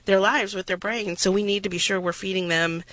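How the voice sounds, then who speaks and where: A woman's voice: mid-range voice, steady tone, a little fast, fairly bright tone, no echo. A woman hosting a radio discussion, talking with passion and emphasis and tossing in self-deprecating asides.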